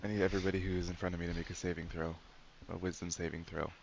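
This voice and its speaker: A man narrating a tabletop game as game master, giving calm, measured rulings. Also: deep voice, gravelly, very noisy.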